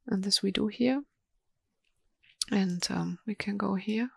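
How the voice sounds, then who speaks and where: Slow, hesitant woman presenting software. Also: medium pitch, creaky, husky, no echo, clean studio sound. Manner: slow, hesitant, many ums and restarts. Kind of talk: live software demo webinar.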